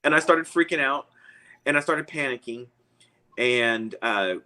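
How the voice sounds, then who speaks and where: Guy rambling through a wild story, bright tone, laughs a lot. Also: medium pitch, a little slow, low-quality recording. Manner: rambling, chuckles often. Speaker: guest. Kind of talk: casual storytelling.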